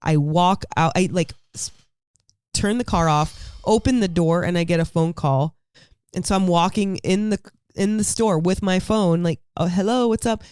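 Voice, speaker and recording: A woman's voice: fairly low pitch, normal speed, a little mellow, clean tone, dry recording. A woman co-hosting a podcast while sick, telling a story chattily with some swearing. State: sick with a cold. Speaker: podcast co-host. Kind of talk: casual storytelling chat.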